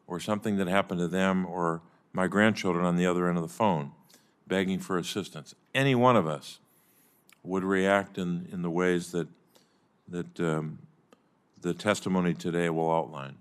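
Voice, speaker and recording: An older man chairing a formal hearing, giving measured opening remarks with some halting restarts. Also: low-pitched, steady tone, smooth. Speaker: committee chairman.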